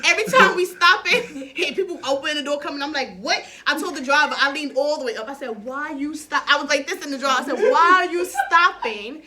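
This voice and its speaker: High bright lady talkin real fast, loud laughy stories, swears a lot. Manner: animated, profane storytelling with laughs. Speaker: podcast co-host. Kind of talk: casual chat.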